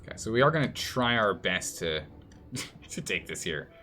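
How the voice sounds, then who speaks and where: A man's voice: fairly low pitch, sing-song, normal speed, sharp tone, faint music behind. A man streaming a strategy game and commenting live, thinking aloud and scolding the game's nations in mock outrage.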